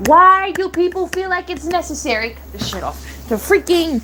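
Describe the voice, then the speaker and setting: A woman's voice: extremely high pitch, expressive, normal speed, few pauses, sharp tone, a little hiss or hum. A young woman streamer ranting, heated and blunt, swearing and repeating herself. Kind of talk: angry rant on a live stream.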